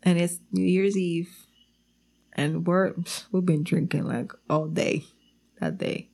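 A woman with a gravelly edge tells a funny story in loose, animated chat. She switches between English and Spanish mid-sentence and swears freely, laughing often as she talks. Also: fairly low pitch, slow pace. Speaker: girlfriend telling stories about her partner.

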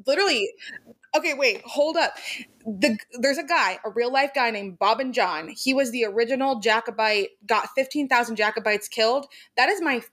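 A woman's voice: fairly high pitch, moderate pace, fairly bright tone. A young woman co-hosting a podcast, chatting casually and gushing emphatically about a favorite book series, laughing often. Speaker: podcast co-host.

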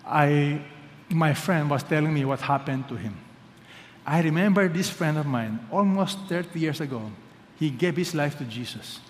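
A man preaching in a big church hall, his voice ringing with a long echo. He speaks in a fairly high register and stresses his words, going from loud calls down to hushed lines. He asks the congregation to answer him back. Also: normal speed. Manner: emphatic, swings between loud calls and hushed lines, prompts the congregation to respond. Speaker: pastor. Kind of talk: sermon. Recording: long reverb of a large hall.

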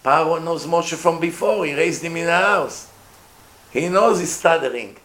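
This rabbi's Torah class is informal and in front of a live group. He speaks on the high side at normal speed, lively, questioning his audience and acting out voices. Faint noise and echo fill the room.

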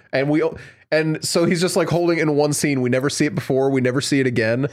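Animated ranting man in casual chat. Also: a little fast. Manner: animated, ranting, jumps high when exasperated. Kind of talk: casual movie review chat.

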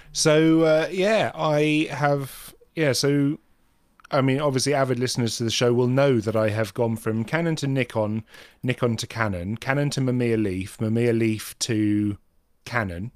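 A man co-hosting a relaxed podcast, joking at his own expense as he tells his stories. His voice sits in the middle range and is recorded close and dry, with no room sound. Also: mid-range voice, no echo. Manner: self-mocking, animated storytelling. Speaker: podcast co-host. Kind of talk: casual podcast chat.

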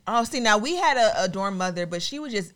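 A young adult woman co-hosting a podcast, chatting casually with quick, profane reactions. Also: medium pitch, animated, fairly bright tone. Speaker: podcast co-host. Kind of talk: casual chat.

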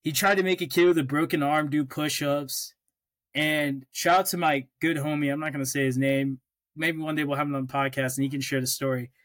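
A man's voice: on the high side, fairly even intonation, brisk, fairly bright tone, no echo. A young man from Oklahoma co-hosting a podcast, telling stories in casual chat and swearing freely. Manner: storytelling, swears freely, restarts often. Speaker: podcast co-host.

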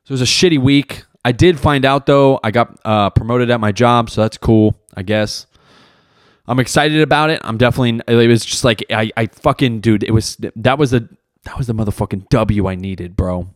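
A man's voice: mid-range voice, normal speed, dry recording, clean studio sound. A young man hosting a solo podcast, talking in a rambling, profane, self-mocking way. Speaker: podcast host. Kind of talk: casual solo podcast monologue.

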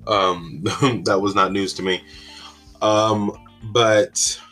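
Rambling, chatty man with a low voice. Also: steady tone, extremely slow, pushed and bright, soft background music. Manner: rambling, chatty, with many fillers and exclamations. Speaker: podcast host. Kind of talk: casual solo podcast chat.

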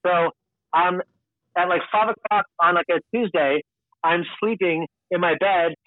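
A man's voice: high voice, measured pace, no echo. Man rambling through a story on a tinny line. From Long Island, New York. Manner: candid, rambling. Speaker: podcast guest. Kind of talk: casual storytelling. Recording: tinny, dry phone-like sound.

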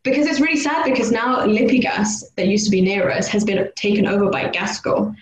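A young woman from the UK co-hosting a casual podcast chat, animated and loud when she imitates street sounds. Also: medium pitch, a little fast. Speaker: podcast co-host. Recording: echoey room, faint background noise.

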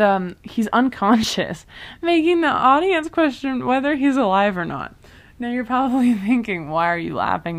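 A young woman vlogger chatting through a casual recap of a TV show, full of fillers and asides. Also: medium pitch.

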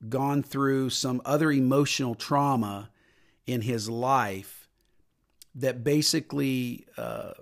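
A middle-aged man hosting a faith podcast as a minister. He talks earnestly at a mid pitch, lifting his voice when he preaches and going quiet and low when he tells personal stories. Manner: earnest preaching, rises on scripture and drops low for personal story. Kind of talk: podcast sermon talk.

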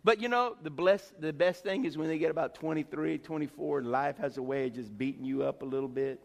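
A middle-aged male pastor gives a folksy, preachy sermon in a church sanctuary, calling out to his congregation with rhetorical questions. His voice is on the high side and a little fast, with vocal fry, in a large hall.

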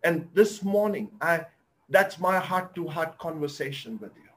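A man's voice: a little high, animated, measured pace, fairly bright tone. A male pastor, preaching a sermon and telling humorous stories in which he acts out the characters' lines.

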